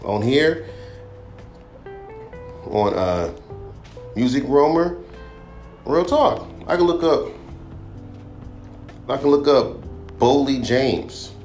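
A man's voice: medium pitch, lively intonation, takes it slowly, pauses often, a little mellow. A young man and rapper hosting a podcast, ranting bluntly with constant swearing and mocking his critics. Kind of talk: profane casual rant. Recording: echoey room with faint music.

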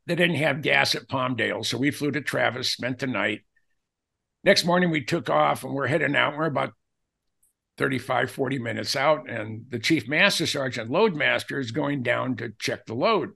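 Gravelly older man spinning anecdotes. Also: mid-range voice, normal speed. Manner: animated storyteller who acts out quoted dialogue. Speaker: guest. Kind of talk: telling personal anecdotes in a podcast interview.

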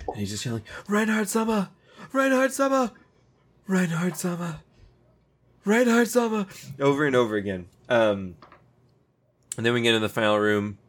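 A man casually recapping a show for co-hosts, rambling and swearing freely with frequent laughs. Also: sits low. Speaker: podcast co-host recapping an anime. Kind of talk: casual chat.

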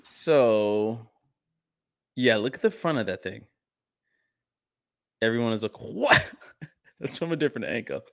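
This young co-host trades casual, joking banter on a podcast in a lowish voice with lively intonation. He speaks a little slowly and pauses often, rambling into asides and laughing a lot. He's sharing his screen and talking into a desk mic.

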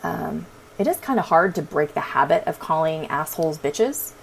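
A woman's voice: sits low, expressive, moderate pace, gravelly, a little hiss or hum, poor audio. A woman hosting her own astrology podcast, chatting casually in a sassy, profane way. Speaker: podcast host. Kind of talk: casual chat.

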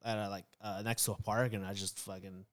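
A man's voice: on the low side, level tone, fairly quick. A man, a barber, chatting on a podcast and telling a heartfelt story, earnest and emotional, with many fillers and restarts. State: tearing up. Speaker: barber guest. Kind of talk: casual podcast chat.

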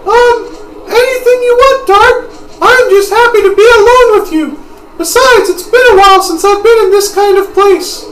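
A man doing a shrill, giddy young girl. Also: moderate pace, fairly bright tone, echoey room, rough recording. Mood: eager, adoring. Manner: squealing and eager. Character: excitable lovestruck young girl.

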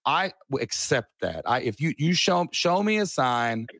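A middle-aged man telling a personal story in a casual chat, animated and earnest, with a folksy way of talking. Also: mid-range voice, measured pace, no echo, studio quality. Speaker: podcast guest.

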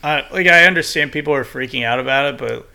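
A man co-hosts a loose podcast with a bright, edgy tone and a gravelly fry running through his voice. He banters quickly and jokes with the others. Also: medium pitch. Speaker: podcast co-host. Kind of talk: casual podcast chat.

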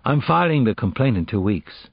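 A man voicing a cool, unyielding male lawyer who speaks in a measured way, in an audiobook. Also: medium pitch, big pitch swings, creaky, husky, no echo, voice pushed up, full character voice. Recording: dull, dry audiobook recording.

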